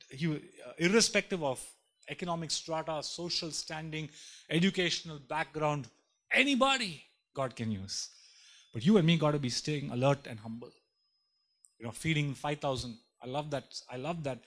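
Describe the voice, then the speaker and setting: Emphatic male preacher, slightly high voice. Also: fairly bright tone. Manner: emphatic preaching with repetition and rising intensity. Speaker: pastor. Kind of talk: sermon.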